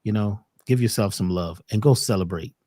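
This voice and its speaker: A man giving a calm, preachy spiritual talk as a guest on an online show. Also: on the low side, a little fast, no echo. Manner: calm, preachy, rhythmic phrasing. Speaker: guest speaker.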